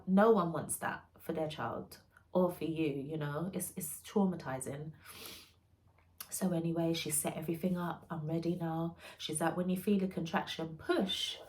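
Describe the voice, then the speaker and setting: Young woman, low-ish voice, quiet halting storytelling, lots of breathy pauses. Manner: soft, halting, often hushed and breathy. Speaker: vlogger telling her birth story. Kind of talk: emotional personal storytelling.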